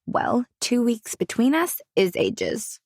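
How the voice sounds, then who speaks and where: A woman's voice: fairly high pitch, wildly swooping pitch, slow, darkish tone, no echo, clean studio sound, voice pushed up, full character voice. A woman reading a gushing male stylist friend. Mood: playful. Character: affectionate male hairstylist friend, playful.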